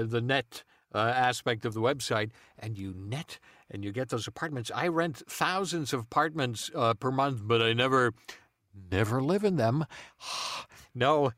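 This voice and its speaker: Deadpan man riffing absurd bits, halting with fillers, dry close mic. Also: medium pitch, no room sound. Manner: rambling, deadpan, many ums and uhs. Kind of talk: improvised comedy chat.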